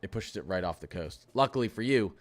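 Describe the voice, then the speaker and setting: A man giving a casual livestream weather forecast, talking quickly and excitably as he chats through model maps. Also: on the low side.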